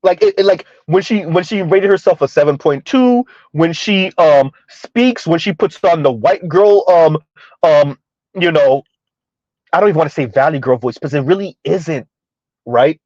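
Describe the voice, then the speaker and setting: A man with a somewhat high voice gives casual live-stream commentary in a rambling, conversational way, often tagging lines with "right?". The sound is dry and a little dull, like a lo-fi home mic. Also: moderate pace, a little mellow, no room sound. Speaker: commentary streamer reading chat.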